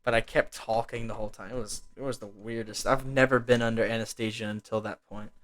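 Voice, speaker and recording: A man's voice: on the low side, steady tone, quick pace, fairly bright tone. A young man hosting a podcast, telling a story in easygoing, slangy casual chat and laughing often. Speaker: podcast host.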